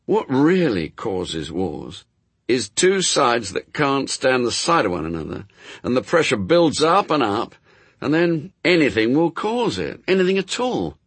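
A man voicing a cynical male demon in an audiobook, speaking flatly with leaden gloom. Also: medium pitch, unhurried, slightly rough, dry recording, heavily acted. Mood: gloomy. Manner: flat, leaden fatalism.

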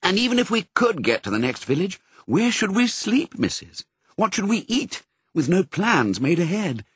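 A man voicing a loving, steady father Dalmatian in a storybook, measured and earnest. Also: sits high, slightly rough, no room sound, pitched above the performer's own voice, full character voice.

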